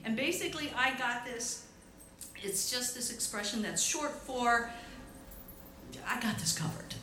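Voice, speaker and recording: A woman's voice: a little high, unhurried, bright, forceful tone, a little hiss or hum. A woman co-leading a church talk, playful and affirming, speaking to a congregation. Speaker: co-minister. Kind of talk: sermon talk. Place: church sanctuary. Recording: roomy hall sound.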